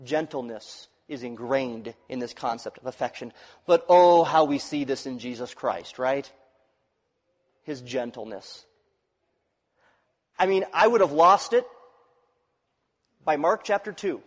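Preacher with swinging dynamics in reverberant hall. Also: male voice, mid-range voice, lively intonation, a little slow, pauses often. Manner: dynamic preaching, swinging from loud rises to quiet drops. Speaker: pastor. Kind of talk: sermon. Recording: long reverb of a large hall.

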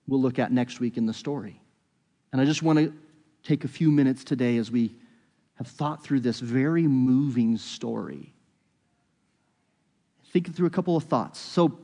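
A man gives a sermon in a mid-pitched voice, animated and conversational as he voices the characters. His voice rings out in a large hall with a long reverb trail. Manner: animated retelling with quoted dialogue, conversational. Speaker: pastor.

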